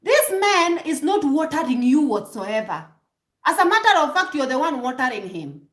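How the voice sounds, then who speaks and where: High, lively woman lecturing. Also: normal speed, roomy sound. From Kenya. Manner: emphatic, preachy, rhetorical "hmm?" prompts, frequent restarts. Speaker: vlogger giving relationship advice. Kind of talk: direct-to-camera advice monologue.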